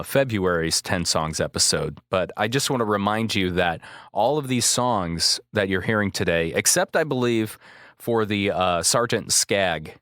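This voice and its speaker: A man's voice: lowish voice, a bit bright, dry recording. A man hosting a music podcast, talking casually with frequent fillers and self-corrections. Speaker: podcast host. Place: Chicago.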